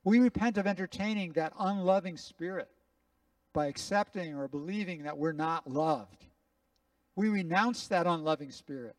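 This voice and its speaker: A man's voice: fairly high pitch, normal speed, no echo, recorded from a distance. A man, a rabbi, preaching and then leading his congregation in earnest prayer and responsive lines. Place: congregation sanctuary.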